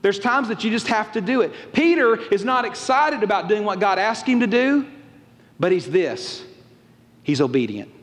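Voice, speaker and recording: A pastor preaching a folksy, animated sermon and acting out quotes. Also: male voice, sits high, normal speed. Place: church auditorium. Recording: long reverb of a large church hall.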